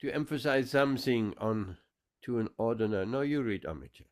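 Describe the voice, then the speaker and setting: A man's voice: medium pitch, animated, brisk. A man giving a scripture class, explaining verses with emphatic repetition. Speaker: spiritual teacher.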